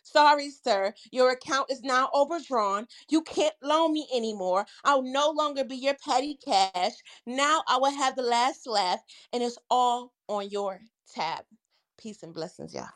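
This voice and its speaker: A woman's voice: sits high, measured pace, hardly any pauses, fairly bright tone. A woman performing her spoken-word poem with a rhythmic, punchy delivery. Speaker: guest poet.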